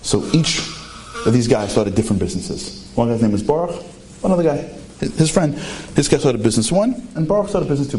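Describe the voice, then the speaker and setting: A man telling an inspirational story in an animated way, his pitch leaping up for emphasis, with many rhetorical questions to the audience. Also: slight background noise. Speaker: inspirational speaker.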